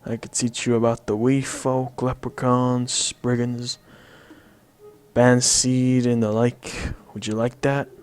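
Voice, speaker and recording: A man voicing a boozy male Irish barfly who spins tall tales, in a slow, theatrical put-on Irish brogue. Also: medium pitch, flat delivery, darkish tone, close to an everyday voice. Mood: blarney.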